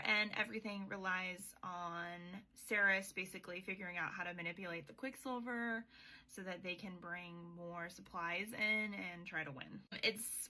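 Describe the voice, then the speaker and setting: A woman's voice: mid-range voice, pushed and bright. A young woman hosting a podcast, recapping a book in a chatty, sweary way with sarcastic asides. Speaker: podcast host.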